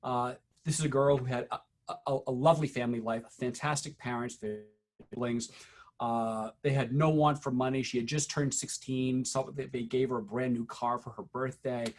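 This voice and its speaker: A middle-aged man giving a teacher-training talk, telling true stories from his classroom in an earnest, halting way with frequent restarts. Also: medium pitch, fairly even intonation. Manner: earnest storytelling, frequent "uh" and restarts, quiet when recounting.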